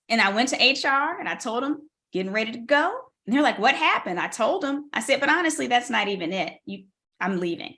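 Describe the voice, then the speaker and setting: A woman guest on a podcast interview telling a personal story with lively, animated delivery and acted-out dialogue. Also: fairly high pitch, a little fast. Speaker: guest, tech strategist and keynote speaker.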